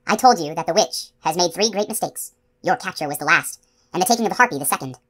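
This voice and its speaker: A woman's voice: on the low side, lively intonation, fast, fairly bright tone. A woman doing a proud, theatrical male magician. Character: lanky, earnest male magician, proud yet unsure.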